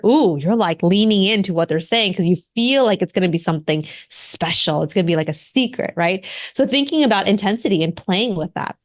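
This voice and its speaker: A woman in her thirties, a communication coach and author, speaking as a podcast guest in an animated, emphatic way. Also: medium pitch. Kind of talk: podcast interview.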